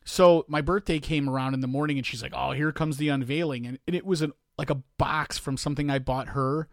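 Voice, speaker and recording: A man's voice: a little high, brisk, dry recording, clean studio sound. A man co-hosting a casual podcast chat. He tells stories with swearing and acts out what other people said. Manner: animated, profane storyteller who acts out other people's lines. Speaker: podcast co-host.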